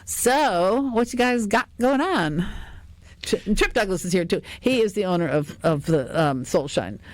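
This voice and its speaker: A woman's voice: medium pitch, lively intonation, unhurried, no room sound. Older woman, talk radio host, meandering casual chat, dry studio sound. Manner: rambling, chatty, laughs often, many fillers.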